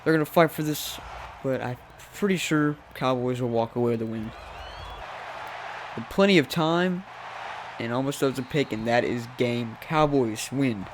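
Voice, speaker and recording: A young man giving casual play-by-play commentary over a football video game, talking to the teams on screen and jumping high when surprised. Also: slight background noise. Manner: chatty, talks to the teams on screen. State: voice cracking. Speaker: gaming commentator.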